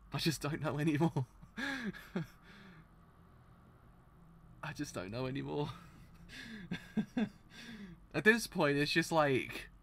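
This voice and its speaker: Male reaction streamer, exasperated, loud, rambling, slightly high voice. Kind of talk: live reaction commentary.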